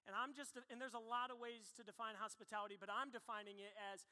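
Pastor, man in his thirties, high bright voice, animated sermon storyteller, reverberant hall. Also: fast. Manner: animated storytelling, acts out past selves. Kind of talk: sermon with personal stories.

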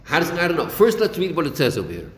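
A man's voice: fairly high pitch, huge pitch swings, fast. A man teaching a Chasidic text class, acting out dialogue and repeating his phrases. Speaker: Torah teacher. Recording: echoey room with long reverb.

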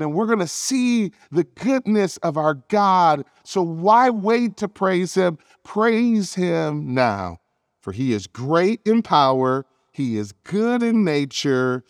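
Earnest male pastor preaching, fairly high voice. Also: no room sound, clean studio sound. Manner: earnest preaching, with speeding and slowing for emphasis; reads scripture aloud. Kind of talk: sermon.

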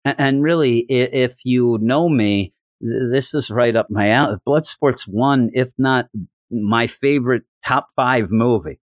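A man's voice: mid-range voice, unhurried, no echo, muffled recording. A middle-aged man casually and enthusiastically recapping a story, rambling, repeating words and acting out the dialogue. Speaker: comic book reviewer.

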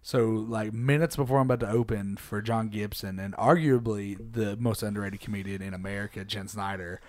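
A man's voice: on the low side, steady tone, brisk. A man who does stand-up, telling a rambling anecdote on a comedy podcast with lots of fillers. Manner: rambling, filler-heavy anecdotes, laughing easily. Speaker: stand-up comic, podcast regular. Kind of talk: casual storytelling on a comedy podcast.

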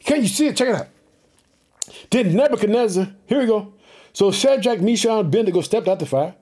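A man preaching an energetic sermon, retelling a scripture story with exclamatory asides and repeated catchphrases. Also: high-pitched, fairly quick.

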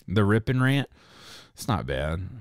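Young male podcast host, low voice, dry close sound, rambling and profane. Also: sing-song, slow, no room sound. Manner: rambling, profane, laughing asides. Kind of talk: casual chat.

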